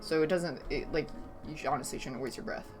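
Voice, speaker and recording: A woman with a slightly low voice chats on a livestream, reading viewer messages aloud and tossing off dry, sarcastic replies. Soft music plays faintly behind her. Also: quick pace. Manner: reads chat aloud and reacts with dry sarcasm. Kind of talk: casual stream chat. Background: faint background music.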